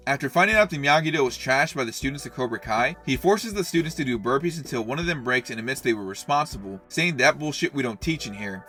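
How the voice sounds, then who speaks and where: A man reads a scripted video essay at a brisk clip, his voice bright and forward. He explains point by point in an earnest tone. Soft music plays faintly underneath. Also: mid-range voice. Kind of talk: scripted analytical narration.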